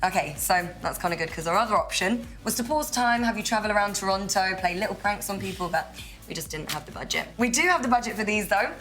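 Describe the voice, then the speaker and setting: A woman TV host introducing and interviewing a guest, brisk, upbeat and joking. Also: mid-range voice, a bit bright, soft background music, poor audio. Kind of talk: scripted TV presenting.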